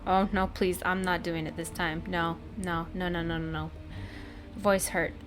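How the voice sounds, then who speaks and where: A woman's voice: on the low side, level tone, unhurried, noisy background. A young woman casually commenting over her gameplay with a sore throat, chatty, self-mocking and profane. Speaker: gaming host.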